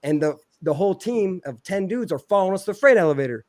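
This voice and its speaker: Profane storytelling man, slightly high voice. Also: fast, no room sound. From Philadelphia. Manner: profane, animated, acts out quoted voices loudly. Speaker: podcast co-host telling a story. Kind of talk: casual storytelling.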